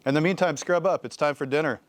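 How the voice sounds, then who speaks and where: Steady good-humored storybook dad, read by a man, even tone, smooth resonant voice. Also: a little high, fast, dry recording, lightly acted.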